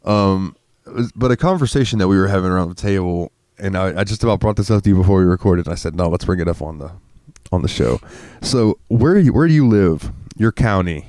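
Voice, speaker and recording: His voice is low and a little mellow, moving a bit fast with lively intonation, recorded with no echo. He's an ill Florida man co-hosting a podcast, chatting casually, cursing freely, rambling, and getting heated in his rants.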